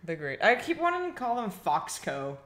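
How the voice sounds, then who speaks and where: Lively-voiced woman artist, echoey room. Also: medium pitch, normal speed. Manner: easygoing, hesitant, self-deprecating. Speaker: artist streaming her drawing. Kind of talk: casual livestream chat.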